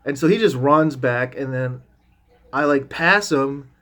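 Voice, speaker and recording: A man's voice: medium pitch, unhurried, a bit bright. A man vlogging as he tells a rambling story in a loose, casual way, full of restarts and asides, with the odd swear word.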